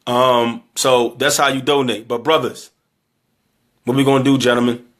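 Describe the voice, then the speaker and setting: This community speaker, a man seeking donations, ends with an earnest, impassioned exhortation, tired and emotional, full of repetition and pleading questions. He talks at a normal speed in a medium-pitched, fairly bright voice with flat delivery.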